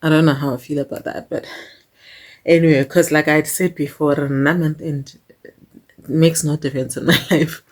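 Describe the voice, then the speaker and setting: A woman's voice: deep voice, fairly even intonation, normal speed. A young woman chatting casually to her vlog viewers, slipping into local-language phrases and laughing often. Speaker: vlogger. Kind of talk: casual chat.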